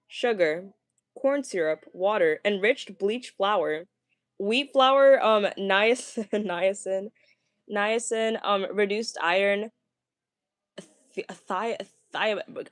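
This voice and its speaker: A woman's voice: medium pitch, takes it slowly, no room sound, studio quality. A woman vlogger in casual livestream chat, stuttering and stumbling over words with many fillers, gushing as she answers viewers. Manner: chatty, gushing. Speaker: vlogger reading viewer comments.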